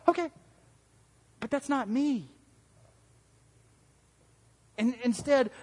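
A man giving an interactive sermon as pastor, conversational, asking the congregation questions and acting out the voices he quotes. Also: in a large hall. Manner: acts out quoted voices with big pitch jumps.

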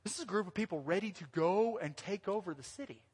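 A man preaching a sermon as pastor, animated and lively, sometimes breaking into loud sung lines. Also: high voice, fast talker, slightly rough. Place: church hall. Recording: long hall reverb.

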